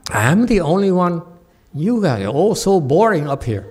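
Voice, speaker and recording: A man giving a Buddhist Dharma talk as a Chan master, telling a story with lively acted-out quotes. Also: sits high, normal speed, a little hiss or hum. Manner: animated storyteller who acts out quoted speech and laughs at his own jokes.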